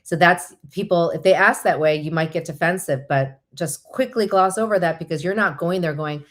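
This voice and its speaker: A woman vlogger giving casual, encouraging and practical advice, chatty with quick asides. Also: lowish voice. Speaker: vlogger host.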